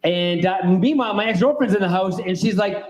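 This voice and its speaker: A man's voice: high voice, brisk, a little mellow, slight background noise. A man doing a rambling, self-deprecating stand-up set on a club stage. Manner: rambling, self-deprecating storytelling with lots of ums. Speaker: stand-up comedian. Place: comedy club stage with audience. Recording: roomy club sound.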